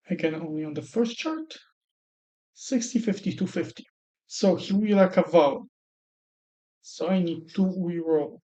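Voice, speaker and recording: A man's voice: sits high, a little mellow. Man thinking aloud over dice rolls. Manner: thinks aloud while rolling dice, counts numbers under his breath. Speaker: tutorial creator. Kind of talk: screen-recorded tutorial narration. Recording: slightly dull lo-fi sound.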